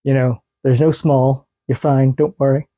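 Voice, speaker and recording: A man's voice: medium pitch, flat delivery, unhurried. A man co-hosting a casual podcast, telling loose stories and laughing easily. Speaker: podcast co-host. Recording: dull lo-fi podcast audio.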